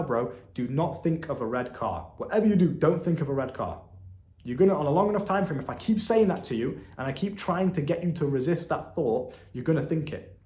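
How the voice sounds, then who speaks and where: Fast-talking blunt profane young man. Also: a little high, a little mellow, roomy sound. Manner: blunt and profane, says "bro" a lot. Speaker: self-help content creator. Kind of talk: direct-to-camera motivational monologue.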